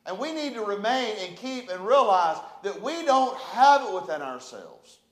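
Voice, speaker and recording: A man's voice: high-pitched, sing-song, normal speed, echoey room. A man preaching a sermon as pastor, fervent and repetitive with emphatic delivery.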